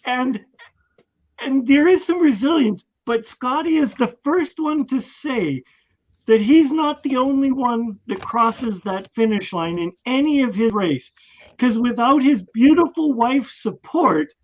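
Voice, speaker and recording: A man's voice: very high voice, animated, measured pace, dull audio. A man co-hosting a talk show, casual, playful and teasing toward his guest. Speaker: co-host.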